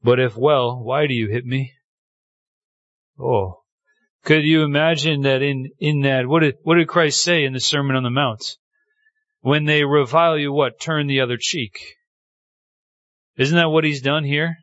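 A man's voice: normal speed, dry recording, highs cut off. A man preaching a sermon, telling the story with feeling and acting out the quoted lines. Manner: animated storytelling, acting out quotes with pitch swings. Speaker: pastor.

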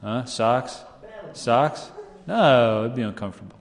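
A man's voice: mid-range voice, unhurried. A man preaching a sermon in a conversational way, often asking "right?" and acting out the people in his stories. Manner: conversational, asks "right?" often, acts out quoted voices. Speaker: pastor. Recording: long hall reverb.

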